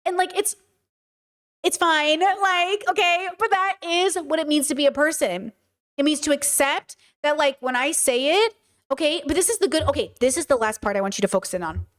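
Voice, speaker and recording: A young adult woman hosting a podcast, talking in an animated, casual monologue that swears freely and mimics people in quick asides. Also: high-pitched. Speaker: podcast host.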